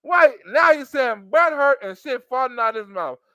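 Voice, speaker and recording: A man's voice: extremely high pitch, lively intonation, moderate pace, bright, forceful tone, dry recording. A man doing comedic reaction commentary, mocking and laughing often, with street slang.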